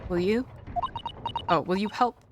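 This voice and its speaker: A woman's voice: mid-range voice, a little slow, music in the background, lightly acted. A woman voicing a gracious, formal young woman assistant in a game. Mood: warm.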